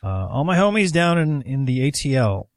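A man chatting casually about video games, relaxed and hesitant with many pauses and fillers. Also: medium pitch, no room sound, clean studio sound. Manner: laid-back, hesitant, many uhs. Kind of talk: casual gaming chat.

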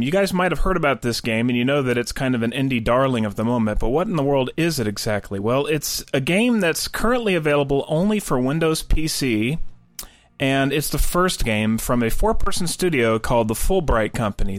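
A man's voice: mid-range voice, no room sound. A man interviewing a guest on a gaming podcast, explaining a game in an articulate, structured way. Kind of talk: game review chat.

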